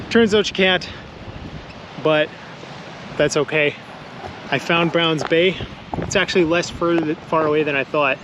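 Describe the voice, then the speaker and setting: A young man vlogging casually outdoors on a windy coast, rambling enthusiastically in relaxed slang. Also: fairly high pitch. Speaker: travel vlogger. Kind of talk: casual travel vlog. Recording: wind noise on the mic.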